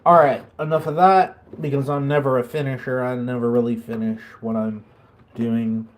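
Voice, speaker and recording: A man's voice: medium pitch, fairly even intonation, moderate pace, slight background noise. A man chatting casually on a live stream, rambling and swearing now and then.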